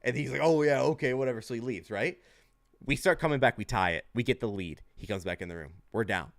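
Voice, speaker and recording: A man's voice: medium pitch, quick pace, creaky, no echo, clean studio sound. A young man hosting a casual sports podcast, telling a gambling story with lots of swearing. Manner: animated storytelling, swears freely. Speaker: podcast host.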